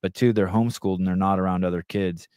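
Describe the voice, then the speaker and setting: A middle-aged man talks in a loose, rambling way, swearing freely as he tells a story and reads comments aloud. His voice sits on the lower side. The sound is dry and close, with no room around it. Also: steady tone, fast talker, a little mellow, clear, resonant tone, no echo. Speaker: podcast host. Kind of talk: casual profane storytelling chat.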